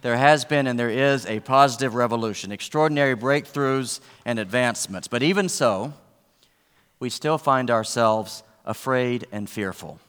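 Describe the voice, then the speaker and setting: A man's voice: medium pitch, normal speed, a bit bright, clean tone, big-room sound. A man preaching a sermon, earnest, with rising emphasis on key points and wry asides. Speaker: pastor.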